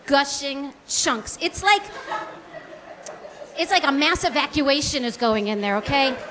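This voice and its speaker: A woman's voice: sits high, measured pace, a crowd in the background, background noise. A woman in her forties doing a stand-up comedy set, chatty and self-deprecating, full of likes and ums. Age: 40s. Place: small comedy club stage.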